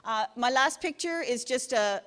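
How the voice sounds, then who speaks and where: A woman's voice: high-pitched, lively intonation, a little slow, fairly bright tone, in a large hall. A woman giving a short humorous talk on advertising to a live audience, with wry asides. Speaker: presenter.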